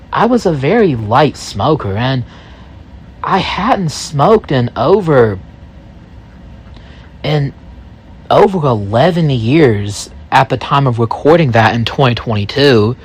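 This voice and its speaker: A man in his thirties telling a first-person story, rambling and halting, full of asides. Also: medium pitch, slightly rough.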